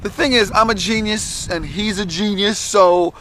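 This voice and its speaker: A man, a comedian guest, trading deadpan boastful jokes in casual banter on a golf course. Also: sits high, moderate pace, a crowd in the background.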